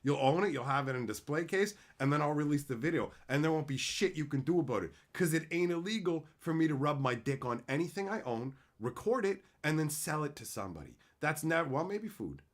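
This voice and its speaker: A man chatting casually with his livestream viewers, crude and joking, swearing freely as he tells animated bits. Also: on the high side, fairly quick, hardly any pauses. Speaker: streamer answering chat.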